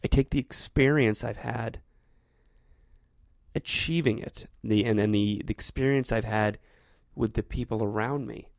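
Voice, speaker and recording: Gravelly man musing in a monologue. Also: mid-range voice, a little slow, dry recording, studio quality. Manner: rambling, reflective, frequent restarts. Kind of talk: casual monologue.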